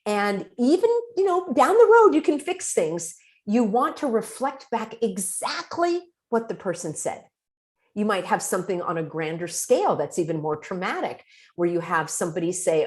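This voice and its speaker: A woman's voice: mid-range voice, animated, normal speed, a little mellow. A woman from the United States hosting her own channel, talking casually to camera and acting out short quoted replies. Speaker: host.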